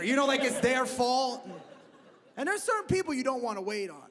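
A man's voice: extremely high pitch, sing-song, brisk, heavy background noise. A male stand-up comedian on stage, ranting in a brash, profane way. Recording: comedy club stage, loud audience laughter.

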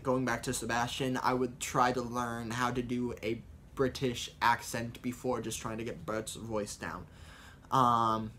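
A man's voice: mid-range voice, a bit bright, a little hiss or hum. A young man in his late teens talking through impressions in a loose, rambling tutorial style. He is upbeat and full of ums, with a mid-range voice. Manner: rambling, upbeat, many fillers. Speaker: vlogger doing voice impressions. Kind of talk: casual tutorial chat.

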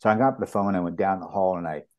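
This Canadian property master, a guest in an interview, has a deep voice and talks fast, and the recording sounds lo-fi. He shares anecdotes with lively energy, performing each quoted line of dialogue.

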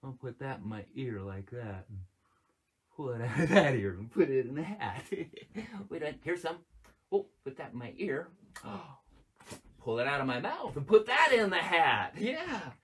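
Animated, husky children's show host. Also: male voice, medium pitch, normal speed. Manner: animated, playful, gasping and singing to kids. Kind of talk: live children's show with magic tricks and songs.

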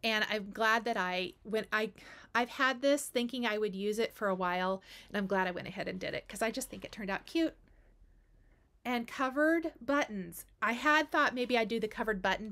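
Gushing chatty woman, slightly high voice. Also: fairly bright tone. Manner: gushing, chatty, repeats words for emphasis. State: has the hiccups. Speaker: cross stitch video host. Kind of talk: casual show-and-tell chat.

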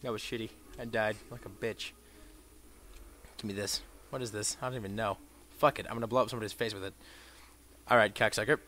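A young man giving crude, profane commentary over a shooter game, swinging between mumbled asides and shouted bursts. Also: fairly low pitch, fairly even intonation, a little fast, long pauses, slight background noise. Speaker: gameplay commentator. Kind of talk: let's play commentary.

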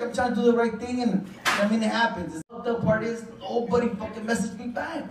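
A man's voice: very high voice, a little fast, hardly any pauses, heavy background noise. Chicano english guy doing stand-up, swears a lot, rambles about himself, mic kinda far, echoey club. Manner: profane, rambling, self-deprecating storytelling. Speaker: stand-up comedian. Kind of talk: stand-up comedy set. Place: comedy club stage. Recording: roomy club sound, mic far off, crowd laughing. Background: audience laughter.

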